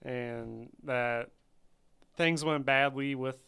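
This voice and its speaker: A man taking part in a tabletop role-playing game, speaking in short, relaxed turns. He sometimes voices his character without changing his own voice. His tone is very clean and resonant, at a middle pitch. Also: very slow, gravelly, clear, resonant tone. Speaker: player. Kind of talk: casual chat at a tabletop game.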